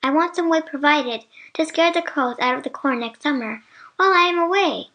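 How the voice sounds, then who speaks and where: A woman's voice: high-pitched, normal speed, bright, forceful tone. A woman voicing a sad, anxious male scarecrow who pleads in a tearful storybook voice.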